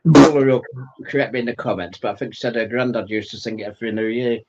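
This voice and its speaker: A man's voice: medium pitch, fast talker, very noisy. A man in his fifties chatting on a live show, telling jokes and laughing a lot. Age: 50s. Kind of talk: casual live chat. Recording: dull lo-fi sound.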